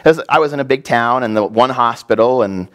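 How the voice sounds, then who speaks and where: A man's voice: brisk, fairly bright tone. A man preaching a sermon as pastor, repeating short phrases for emphasis and telling stories in a loose, conversational way with fillers. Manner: emphatic, repeating phrases and rising in pitch to stress points; conversational asides with fillers while telling a story.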